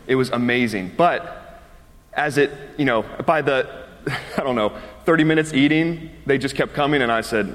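A man's voice: medium pitch, moderate pace, fairly bright tone. A man in his thirties, a pastor giving a chatty, conversational sermon and laughing easily between his words. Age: 30s. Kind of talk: conversational sermon with personal story. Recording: long reverb of a large hall.

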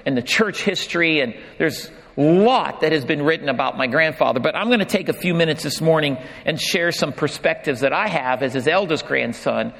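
A middle-aged man delivers a sermon, mixing light humor with reflection. His voice sits a little high for a man. The long reverb of a large church hall rings around him. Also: expressive, a little fast, gravelly, few pauses. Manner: warm humorous storytelling turning reflective. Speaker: pastor.

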